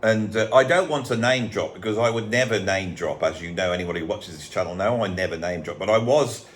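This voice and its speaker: A man from England hosting a casual chat show, animated, jokey and rambling. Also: deep voice, a little fast, slight background noise. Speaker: host.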